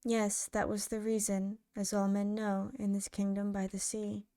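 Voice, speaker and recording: A woman narrating poems in a soft, hushed ASMR reading style, drawing out each line slowly. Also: mid-range voice, completely flat delivery, smooth, no echo, studio quality. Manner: slow, hushed, drawn-out delivery.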